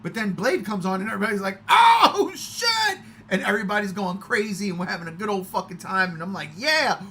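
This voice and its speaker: Excitable male podcast co-host, bright voice, swears a lot, faint background hiss. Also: sits high, quick pace. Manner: excitable, swearing, loud outbursts. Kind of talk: excited casual movie chat.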